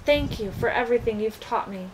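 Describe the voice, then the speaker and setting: A woman doing a tender young storybook boy who sounds plaintive and earnest. His voice sits high and light, with a soft hiss of background noise. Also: brisk, lightly acted. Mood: wistful.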